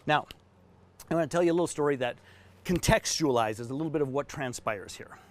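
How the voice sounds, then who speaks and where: A man giving an online business training session in an emphatic, animated way while drawing diagrams. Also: a little high, brisk. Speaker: business coach.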